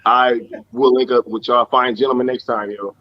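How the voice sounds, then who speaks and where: A man's voice: mid-range voice, fairly even intonation, normal speed, highs cut off, a crowd in the background. A man who is a guest on a live stream, talking in a laid-back, slangy way. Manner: slangy, laid-back, says "you know what I'm saying". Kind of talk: casual live-stream chat.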